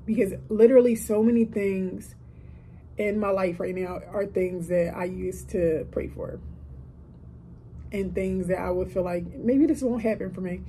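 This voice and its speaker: A 30-year-old woman talks casually and from the heart on her solo podcast, pressing her points with emphatic energy. Her voice sits mid-range with a warm, mellow tone. Faint noise sits behind her in a quiet hotel room. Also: mid-range voice, steady tone, measured pace, rough recording. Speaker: podcast host.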